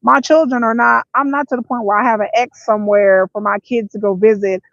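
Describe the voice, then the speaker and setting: A woman's voice: on the high side, steady tone, a little fast, vocal fry, no room sound, dull audio. A middle-aged woman from the Detroit area talking candidly to camera, telling stories with many restarts and voiced asides. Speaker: vlogger. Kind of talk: casual talk to camera.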